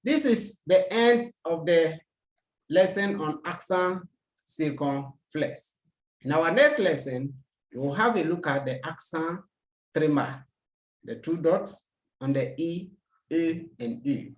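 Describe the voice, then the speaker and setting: A French teacher giving a recorded language lesson, slow and deliberate, repeating each example word. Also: mid-range voice, expressive, roomy sound.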